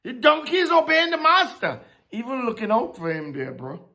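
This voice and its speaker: A preacher giving a casual, animated sermon, laughing often and slipping in slangy asides. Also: medium pitch, normal speed.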